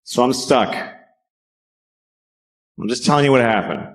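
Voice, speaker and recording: A man's voice: mid-range voice, measured pace, fairly bright tone. Profane, sardonic male stand-up comedian. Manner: profane, sardonic, rambling rants.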